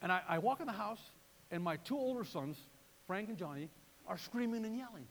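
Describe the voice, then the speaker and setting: A man preaching a sermon in a lively way, repeating words and acting out voices. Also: high voice, brisk, long reverb tail. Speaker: pastor.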